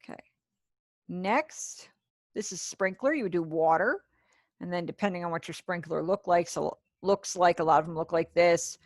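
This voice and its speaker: At a normal speed and fairly low pitch, a woman leads an ASL class by video call, chatty and encouraging with praise for her students. Now and then she makes chatty remarks to herself. The recording is dry and studio quality.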